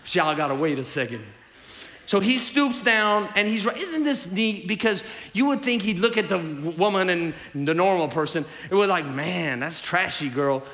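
Animated high-voiced man preaching. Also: normal speed. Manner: animated, swings from loud emphasis to hushed asides, addresses the congregation. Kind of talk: sermon. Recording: hall reverb.

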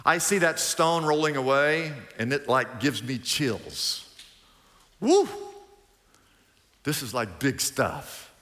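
A middle-aged male pastor preaching a sermon in an animated, colloquial way, swinging from loud bursts to hushed asides. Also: mid-range voice, a little slow, few pauses. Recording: long hall reverb.

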